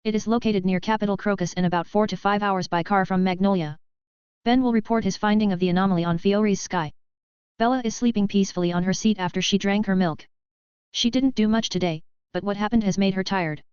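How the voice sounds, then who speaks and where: A woman narrating a fanfiction novel as an audiobook in a steady, even reading. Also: mid-range voice, fairly quick, smooth, no echo. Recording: dull, lo-fi, dry sound.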